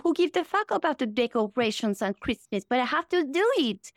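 Woman doing a grumpy first lady bit, airy complaining, pitched up high. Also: expressive, brisk, no room sound, clean studio sound. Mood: grumbling. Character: grumbling former first lady impression, woman.

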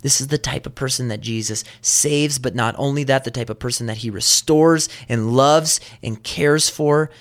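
A man's voice: mid-range voice, normal speed, few pauses. A man preaching a sermon, retelling a scripture passage vividly and earnestly. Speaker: pastor.

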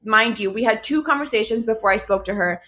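A woman's voice: on the high side, fast. Young woman telling a story, casual and profane. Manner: animated, swearing, many "like" fillers. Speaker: storyteller recounting a breakup. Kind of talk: casual chat.

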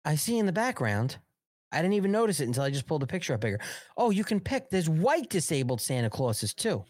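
A middle-aged American man hosts a live commentary show, very animated and fast, with a slightly mellow voice whose pitch swings widely as he mocks and jokes. His sarcastic, profane rant is punctuated by frequent laughter, and the sound is close and dry with no room echo.

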